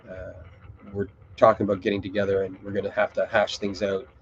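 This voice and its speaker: A man's voice: low voice, monotone, brisk, muffled recording, a little hiss or hum. A middle-aged man hosting a live web show, rambling and swearing casually as he talks. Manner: rambling, swears, easily distracted.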